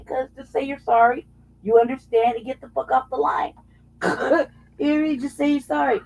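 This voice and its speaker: A co-host with a fairly high, slightly mellow voice talks at a moderate pace in a casual political chat. She gets heated and profane, often mocking others in put-on voices. The audio is dull and lo-fi.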